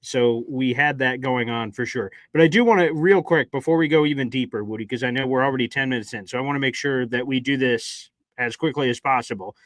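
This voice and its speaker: A man co-hosting a casual sports talk show, telling a story in a lively way and acting out his own reactions. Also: mid-range voice, brisk, few pauses, no echo. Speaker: podcast co-host. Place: radio station studio.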